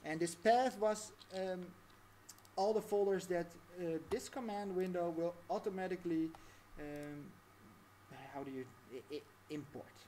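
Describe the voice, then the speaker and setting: A woman's voice: fairly low pitch, unhurried, dark tone, a little hiss or hum. A woman talking through a casual live-stream tutorial, chatty and rambling, laughing often.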